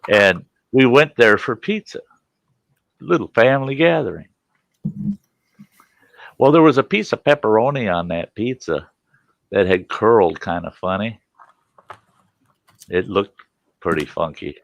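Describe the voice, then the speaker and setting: A man in his sixties in casual storytelling, animated and acting out voices, swearing freely. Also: fairly low pitch, a little slow, vocal fry, pauses often, no echo. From Wisconsin. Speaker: vlogger.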